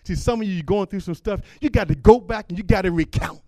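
A man preaching a sermon, talking casually with the congregation and reading scripture aloud, then rising to loud, fervent calls. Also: high-pitched, fast talker, dry recording. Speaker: pastor.

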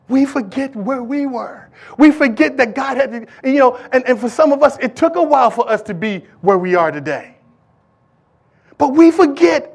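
High-voiced, impassioned male preacher. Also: lively intonation, moderate pace, creaky, breathy edge. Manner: impassioned, repetitive preaching cadence, talks to the congregation. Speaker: pastor. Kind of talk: sermon. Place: church.

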